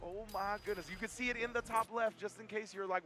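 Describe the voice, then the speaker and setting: A man's voice: high-pitched, quick pace. A man casting a fighting game tournament, calling the action and joking with his co-caster. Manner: excitable, hype-driven, joking with co-caster. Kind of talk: esports play-by-play commentary.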